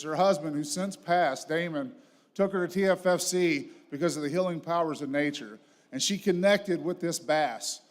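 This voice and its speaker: Male banquet speaker, heartfelt and earnest, long hall reverb. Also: a little high. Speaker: board member presenting an auction item. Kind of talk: speech at an awards banquet.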